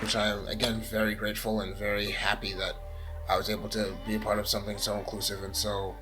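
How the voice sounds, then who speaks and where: A man from Canada, a featured musician, introducing himself in a warm, grateful, slightly hesitant way. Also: fairly low pitch, monotone, quick pace, over loud music, over a noisy crowd. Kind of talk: casual self-introduction.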